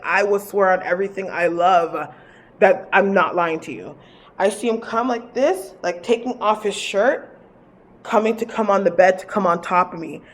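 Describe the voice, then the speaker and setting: A woman working as a psychic medium, telling a personal story in a casual, rambling way, full of fillers and swearing. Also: medium pitch. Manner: animated, rambling, filler-heavy and profane.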